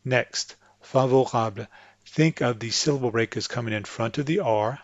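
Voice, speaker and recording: A patient man walks English speakers through French pronunciation, repeating words slowly to demonstrate each sound. His voice sits at an ordinary middle pitch and is close and dry, with a slightly dull, lo-fi tone. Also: no room sound. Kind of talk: instructional explanation with spoken examples.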